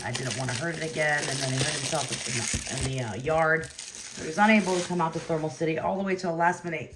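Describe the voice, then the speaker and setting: A woman's voice: low-pitched, vocal fry, noisy background. A woman hosting a trading card break, chatting casually, laughing often and talking to viewers by name. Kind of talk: casual chat while opening cards.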